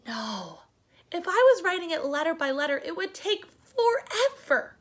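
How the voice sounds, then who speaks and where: A young woman teacher giving a phonics lesson to children, sounding words out slowly part by part and encouraging them. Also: very high voice, very animated. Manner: slow, sounding out word parts, encouraging.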